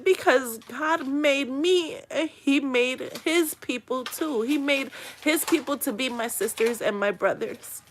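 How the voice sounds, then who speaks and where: A woman's voice: high-pitched, slow pace, slight background noise. A woman hosting a livestream, reading comments and talking earnestly and emotionally, with spiritual, pleading encouragement. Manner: heartfelt, tearful, earnest encouragement. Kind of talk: emotional live-stream talk.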